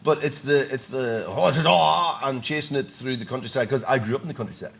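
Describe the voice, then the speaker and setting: A man's voice: medium pitch, quick pace, breathy edge. A man on a comedy panel, telling a rambling story with lots of repetition. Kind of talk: comic banter on a panel.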